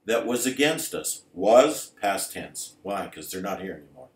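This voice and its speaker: A man preaching a sermon emphatically, building to loud, intense passages. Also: low voice, sing-song, a little slow. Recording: roomy echo.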